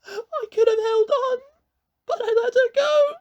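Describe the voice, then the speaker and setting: A man reading aloud and voicing a grief-stricken young boy, high and strained, crying and pleading. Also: steady tone, unhurried, warm tone, lo-fi sound, exaggerated voice. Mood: sobbing. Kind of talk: audiobook reading.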